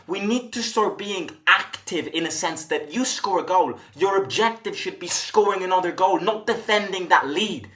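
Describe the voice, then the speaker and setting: A man's voice: sits high, lively intonation, moderate pace, hardly any pauses, fairly bright tone. A man hosting a football fan channel, delivering an exasperated, profane post-match reaction rant with lots of repetition. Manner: exasperated, swearing, repetitive ranting. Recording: echoey room.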